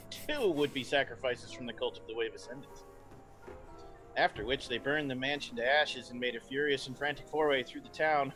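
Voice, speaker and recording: A man's voice: medium pitch, a bit bright. A man directing a tabletop horror game, opening with a theatrical, spooky storyteller recap and then reading the show's plugs. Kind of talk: horror show host intro.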